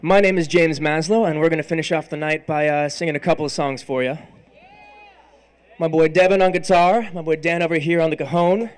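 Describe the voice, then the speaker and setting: A man's voice: fairly high pitch, fairly quick, clean tone. Earnest man talking from the stage. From San Diego, California. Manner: casual, earnest, addresses the crowd directly. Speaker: singer performing on stage. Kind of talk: live stage talk between songs. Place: stage at an awards event.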